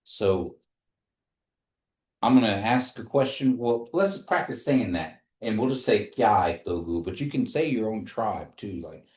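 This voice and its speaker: A man teaching a language class, speaking slowly and patiently and repeating phrases for his students to say back. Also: on the low side, expressive, a little mellow, echoey room.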